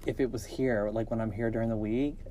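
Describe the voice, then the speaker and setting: A male podcast co-host reads creepy encounter stories in a mid-pitched, everyday voice. He keeps stepping out of the text for cheeky, joking asides, and his reading stays lively and casual. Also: a little fast, a little hiss or hum. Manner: jokey, animated, breaks into laughter and cheeky asides.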